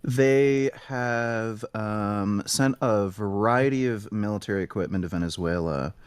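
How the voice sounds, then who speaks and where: A man's voice: on the low side, unhurried, smooth, dry recording. A man in an online political debate who hesitates and stammers, with many filler ums.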